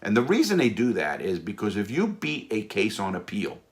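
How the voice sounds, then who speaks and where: A man's voice: on the low side, wildly swooping pitch, brisk. A man telling his own story in a casual, emphatic monologue, often restarting and repeating himself. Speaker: storyteller recounting his prison case.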